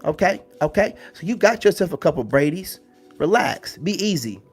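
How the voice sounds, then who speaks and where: A man's voice: fairly high pitch, very animated, moderate pace, breathy edge, faint music behind. A man hosting a casual live stream, talking loosely with lots of slang and filler phrases. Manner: loose, slangy, full of "you know what I'm saying" fillers.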